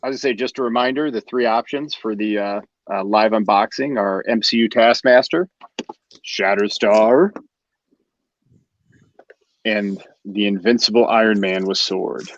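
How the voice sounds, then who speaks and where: A man's voice: lowish voice, steady tone, a little slow, highs cut off. A man hosting a live show in casual chat, enthusiastic and reading out viewer comments. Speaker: host of a live collectors' show.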